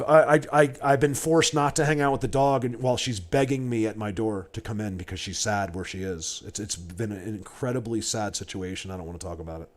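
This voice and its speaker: A man in his forties chatting casually to his livestream viewers, rambling and emotional, often stammering and repeating words. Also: fairly low pitch. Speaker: livestreamer and Bigfoot hunter.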